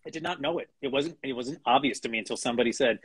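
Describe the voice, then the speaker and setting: A man's voice: medium pitch, racing, a bit bright, husky, no room sound. A middle-aged man, a guest animation writer, chatting casually in an interview with many restarts, fillers and small chuckles.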